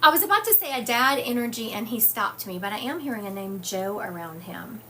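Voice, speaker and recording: Brisk and expressive, a psychic livestream host from the US South speaks in a somewhat high, slightly bright voice. Streaming by phone or webcam, she chats casually as a medium and reads comments from viewers aloud with frequent fillers.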